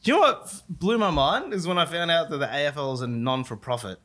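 Man, podcast host, bright tone, easygoing, agreeable, casual chat. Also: on the high side, expressive, fast talker. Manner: agreeable, frequent "yeah" and laughs.

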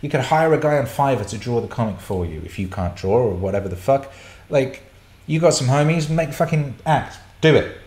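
A man's voice: medium pitch, lively intonation, brisk, a little mellow. A middle-aged man hosting a casual livestream Q&A, blunt and sweary as he rants and answers chat questions. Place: indoor room. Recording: roomy echo.

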